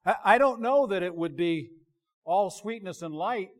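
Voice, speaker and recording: A man preaching in a notably high, bright-sounding voice. He talks to the congregation like a friend, stumbling over restarts and pulling his voice down low when he wants a point to land. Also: lively intonation, normal speed. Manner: conversational, self-interrupting, drops to quiet emphasis. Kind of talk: sermon.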